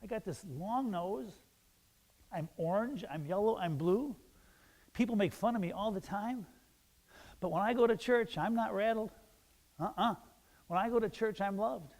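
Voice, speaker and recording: A man voicing an odd, cheerful male duck who is happy with who he is, talking gently and reassuringly. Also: high voice, moderate pace, long pauses.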